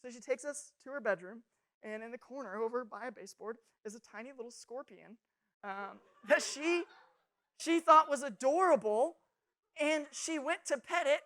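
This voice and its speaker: A young adult woman speaking to students in a youth sermon, telling funny stories with animated, self-mocking humor. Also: high voice, normal speed.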